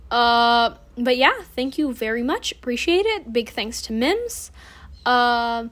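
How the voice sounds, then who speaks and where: A young woman with a slightly high voice chats casually into a phone propped up at home. She rambles and giggles, gushing with plenty of fillers as she hosts her own little podcast. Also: expressive, slow pace, a bit bright. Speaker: solo podcast host.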